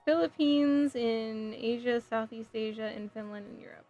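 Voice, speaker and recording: Giggly New woman, fairly high. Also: moderate pace, warm tone, highs cut off, soft background music. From New Jersey. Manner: giggly, scattered, answers chat messages aloud. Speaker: livestreamer building a model kit. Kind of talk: casual chat with stream viewers.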